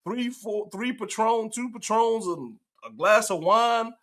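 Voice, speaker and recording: A man's voice: high voice, a little slow, fairly bright tone. A male host telling a story in casual commentary, acting out the quotes and laughing often.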